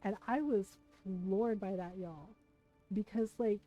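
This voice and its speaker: A woman's voice: medium pitch, slow pace, highs cut off, faint music behind. A woman streamer chatting casually, telling a personal story to her viewers and often checking in with "right?". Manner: chatty, keeps asking "right?". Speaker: live streamer.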